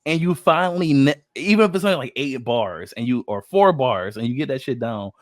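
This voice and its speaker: A man co-hosting a casual chat, animated and laughing often as he talks about rap craft. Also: mid-range voice, fairly quick, dry recording, clean studio sound. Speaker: co-host reacting to a song.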